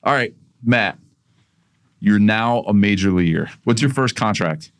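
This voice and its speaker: A man co-hosting a podcast, chiming in with quick joking questions. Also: lowish voice, lively intonation. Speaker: podcast co-host. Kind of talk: casual chat.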